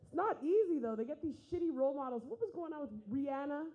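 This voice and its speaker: A woman's voice: sits high, lively intonation, quick pace, dark tone, low-quality recording. A young woman doing a stand-up comedy set, brash and profane, acting out the voices of people in her stories.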